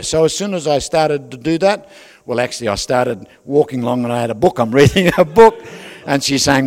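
A man's voice: on the high side, sing-song, fairly quick, long reverb tail. An older man with an Australian accent, preaching a sermon full of personal stories, jokes and asides to the congregation. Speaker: pastor.

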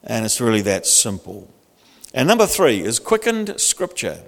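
Lively older man preaching in a reverberant hall. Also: medium pitch, normal speed, gravelly. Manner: lively, humorous and conversational. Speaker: pastor. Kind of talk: sermon.

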